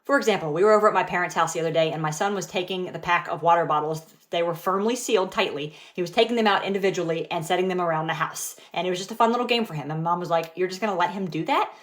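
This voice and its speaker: Calm, low-pitched mom, dry and patient. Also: female voice, racing, few pauses. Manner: calm, patient, dryly wry. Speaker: parent content creator. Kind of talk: parenting skits and advice.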